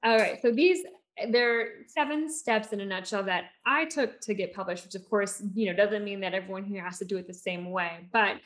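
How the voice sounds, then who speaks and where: A woman speaking as a podcast guest and speech therapist, telling stories in an animated way with many fillers and restarts. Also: mid-range voice, brisk. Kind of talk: conversational storytelling.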